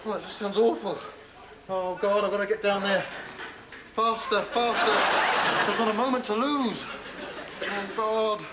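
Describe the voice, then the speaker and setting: A man's voice: high-pitched, steady tone, unhurried, pauses often. An actor playing a cowardly young man who frets and dithers, talking to himself. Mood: fretful. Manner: fretful, self-talking, dithering. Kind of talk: comic monologue. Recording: echoey room, loud broadcast hiss.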